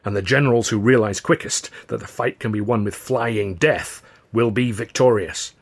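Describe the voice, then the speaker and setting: A man's voice: lowish voice, moderate pace, creaky, husky. A man voicing a serious, zealous aviator who speaks in an earnest, formal, insistent way. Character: serious adult male aviator, zealous about warplanes.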